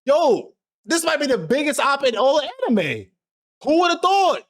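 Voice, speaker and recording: A man with a high voice that leaps around in pitch recaps an anime in loose, slang-heavy chat. He swears freely and tells the story with lively energy. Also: a little slow. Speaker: anime discussion host.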